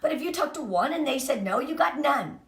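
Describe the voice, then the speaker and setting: A woman's voice: high-pitched, expressive, brisk. A woman leading a sales team, giving an upbeat, chatty motivational training talk. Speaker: direct sales team leader. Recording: roomy, from a distance.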